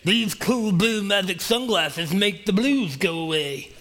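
A once-grumpy toad, as a man puts him on, now drawling along slowly and playfully. The voice sits high and bright, with the words stretched out. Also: lively intonation, faint music behind, full character voice. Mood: cheerful. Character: grumpy male toad turned cheerful.

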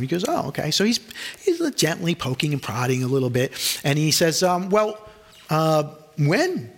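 A man's voice: on the high side, animated, quick pace, a bit bright. A middle-aged male pastor preaching a sermon, telling personal stories and acting out the voices of the people in them. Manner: storytelling, acts out quoted voices.

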